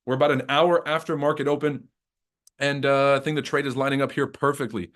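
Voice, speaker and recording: A man's voice: mid-range voice, steady tone, a little fast, a bit bright. A man hosting a live trading stream, ranting casually with heavy profanity, mocking, laughing at his own jokes, then going into market commentary. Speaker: trading livestream host.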